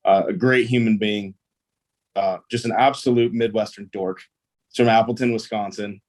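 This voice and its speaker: Low-voiced laid-back young man. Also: fairly even intonation, moderate pace, a little mellow. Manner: easygoing, rambling, heavy use of fillers. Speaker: guest, pro baseball player. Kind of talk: casual interview storytelling.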